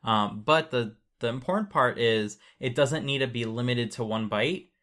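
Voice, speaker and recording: A man's voice: mid-range voice, moderate pace, fairly bright tone. A man casually explaining how data is sent over cables, patient and chatty, with many fillers.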